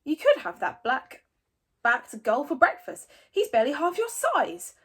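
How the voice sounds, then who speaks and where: A woman's voice: high-pitched, sing-song, measured pace, voice pushed up. A woman voicing a gloomy young Viking boy who drawls, in a storybook reading. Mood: despairing.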